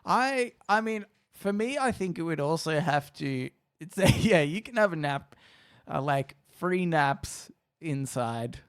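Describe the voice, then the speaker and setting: Gravelly Australian man bantering on a podcast. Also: on the high side, lively intonation, measured pace, few pauses, no room sound, clean studio sound. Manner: playful, teasing, laughs often. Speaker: podcast co-host. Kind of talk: casual chat.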